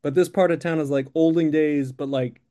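A man's voice: fairly high pitch, steady tone, a little fast, warm tone. A man improvising a comic story in a rambling, filler-heavy way.

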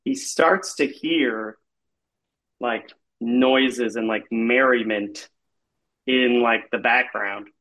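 A man's voice: mid-range voice, drawn-out words, a bit bright, poor audio. A man improvising an absurd comic story, rambling and leaning on filler words. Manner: rambling, heavy use of filler "like".

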